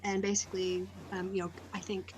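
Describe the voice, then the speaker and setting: A woman's voice: mid-range voice, monotone, brisk, slight background noise, poor audio. A woman hosting a casual online discussion, talking in a thoughtful, speculative way with many fillers over a video call. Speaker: host.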